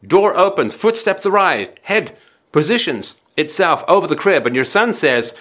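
A man hosting a call-in advice show, talking in an animated, dramatic way and acting out scenes to make his point. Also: fairly high pitch, normal speed. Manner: animated, dramatic, acts out scenarios.

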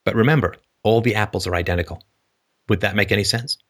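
A low-pitched man hosting a casual call-in show. He rambles through ideas, acts out little scenes in different voices and laughs at his own jokes. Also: fast talker, fairly bright tone. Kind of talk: casual philosophical call-in talk.

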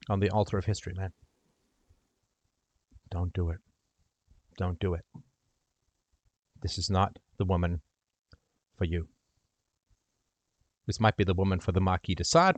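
A man hosting a call-in show, giving impassioned advice and speaking to the caller's brother in role-play, swinging from loud to hushed. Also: low voice, fairly quick, long pauses, no room sound.

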